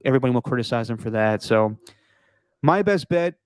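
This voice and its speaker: Male podcast host, casual rambling sports opinions, clear voice, dry close sound, slightly hoarse. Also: mid-range voice, lively intonation, brisk, no echo. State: losing his voice.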